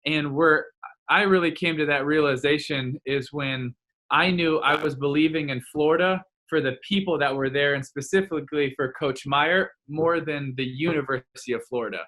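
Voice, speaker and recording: A man's voice: fairly high pitch, moderate pace, sharp tone. A man in his thirties, a former college player, answering earnestly in an interview and repeating words as he thinks.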